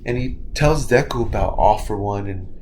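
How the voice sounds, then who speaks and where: A man's voice: lowish voice, moderate pace, noisy background. A man casually telling a story, rambling with many fillers and self-corrections. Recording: echoey room, faint ambience.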